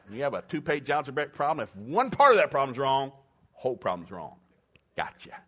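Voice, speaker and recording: A middle-aged man preaching a sermon, folksy and joking, swinging between loud whoops and quiet talk. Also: medium pitch, big pitch swings, fast. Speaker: pastor.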